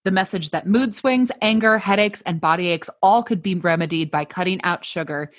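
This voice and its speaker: A woman's voice: fairly low pitch, normal speed. A woman hosting a podcast, mixing casual chat with a scripted story told in a playful, jokey way. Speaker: podcast host.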